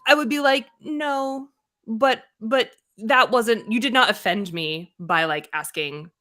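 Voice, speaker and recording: A young adult woman co-hosting a casual live-stream chat, animated and blunt, acting out what people say and swearing freely. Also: medium pitch, a little slow. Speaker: co-host.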